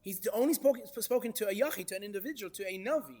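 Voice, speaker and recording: Guy teaching torah, high lively voice, keeps asking the class questions. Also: quick pace. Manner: animated, questions the class, Hebrew verse quotes.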